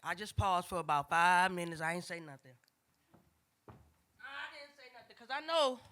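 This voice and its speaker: A woman's voice: lowish voice, normal speed. An older woman with telling a family story on stage, conversational and acting out voices of her relatives. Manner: animated, acts out family voices, casual and conversational. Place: stage before a live audience.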